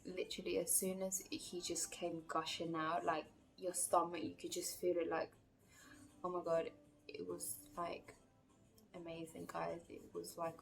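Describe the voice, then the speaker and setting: A woman's voice: on the low side, gravelly, slight background noise. A woman telling a personal story in a casual, chatty vlog, full of fillers and acted-out quotes. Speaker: vlogger.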